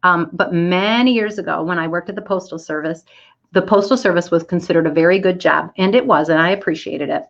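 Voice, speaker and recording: Lively storytelling woman, muffled audio. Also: lowish voice, brisk. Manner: animated, acts out quoted voices. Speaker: speaker giving a talk. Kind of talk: storytelling talk. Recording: dull lo-fi audio.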